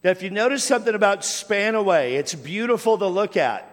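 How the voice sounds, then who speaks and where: A man's voice: sits high, lively intonation, fairly quick. A middle-aged American man preaching a sermon, telling stories from his life in a conversational way and repeating place names. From United States. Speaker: pastor. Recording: long hall reverb.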